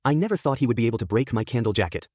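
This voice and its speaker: A man's voice: medium pitch, expressive, rapid-fire, a little mellow, dry recording, close to an everyday voice. A man reads as a cruel male villain who gloats over his captives in a mocking voice. His lines come across dry and close, like a fan story read aloud. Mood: gloating.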